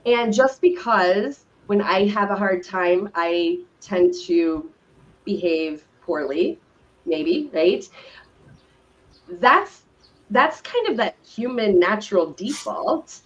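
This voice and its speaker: Woman, middle-aged, slow and thoughtful talk, co-host, dull lo-fi stream sound. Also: mid-range voice, lively intonation. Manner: slow, reflective, affirming. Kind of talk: casual conversational chat.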